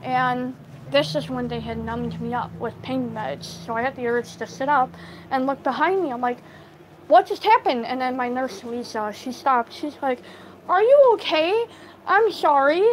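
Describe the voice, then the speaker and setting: A woman telling a story casually to live viewers on her phone, halting, with many fillers and restarts. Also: fairly high pitch, level tone, a little hiss or hum, low-quality recording. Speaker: livestream storyteller.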